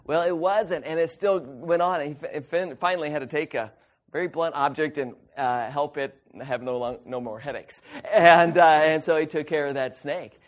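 A man's voice: a little high, moderate pace. A middle-aged man preaching a sermon, telling folksy, self-mocking stories and acting out the voices of people in them. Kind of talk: sermon storytelling.

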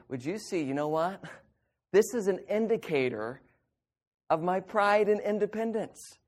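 A young man preaching a sermon to a youth group, emphatic and acting out little quoted voices. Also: high-pitched. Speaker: youth pastor.

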